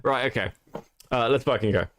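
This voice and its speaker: A British man hosting a casual reaction podcast, emphatic and quick to swear. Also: medium pitch, fairly bright tone, dry recording. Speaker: podcast host.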